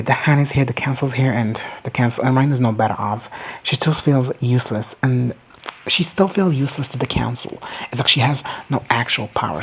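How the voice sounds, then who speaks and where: Brief: husky-voiced recapper, loose and jokey, swearing freely, middle-pitched. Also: low-quality recording. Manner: rambling, profane and joking. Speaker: TV show recap commentator. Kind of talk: casual comedic recap.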